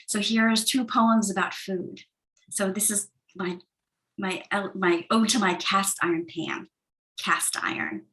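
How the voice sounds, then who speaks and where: Woman reading poems softly on a call. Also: mid-range voice, rough recording. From United States. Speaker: poet. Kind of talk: poetry reading. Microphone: video call.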